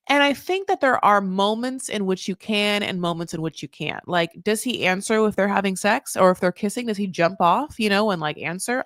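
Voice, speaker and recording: A woman hosting a casual recap podcast, animated and sarcastic, swinging between loud outbursts and muttered asides. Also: mid-range voice, dry recording, studio quality. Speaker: podcast host.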